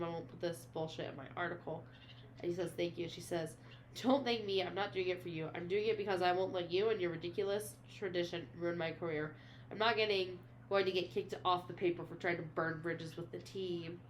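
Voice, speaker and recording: A woman's voice: fairly low pitch, brisk. A young woman co-hosting a podcast, chatting casually as she recaps a novel and acts out its quoted lines with lots of fillers. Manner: animated, reads quoted lines aloud, many fillers. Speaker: podcast co-host.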